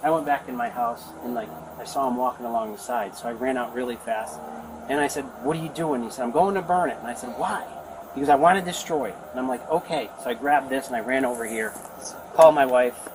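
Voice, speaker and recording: Fast-talking man, noisy body camera audio. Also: mid-range voice. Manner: rambling, acts out quoted talk. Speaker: neighbor giving a statement. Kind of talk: retelling events to police.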